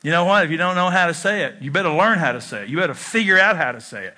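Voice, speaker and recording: A man's voice: on the high side, animated, very fast, pushed and bright. A middle-aged man preaching a sermon in a conversational way, with self-deprecating humor. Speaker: pastor.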